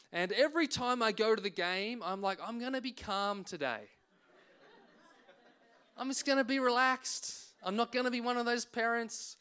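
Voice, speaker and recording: A man preaching from the pulpit, his voice pitched high for a man. He tells a personal story with animated energy and acts out the people in it. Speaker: pastor.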